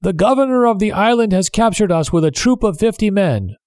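A man doing a captured sailor yelling surrender. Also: sits high, expressive, a little fast, clear, resonant tone, no room sound, studio quality, voice pushed up. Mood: urgent calling. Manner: loud urgent calling out. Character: captured male sailor calling on comrades to surrender.

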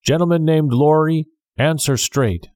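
A man voicing a gruff, suspicious coach guard who shouts warnings in a storybook reading. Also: mid-range voice, animated, a little slow, dry recording, clean studio sound, lightly acted.

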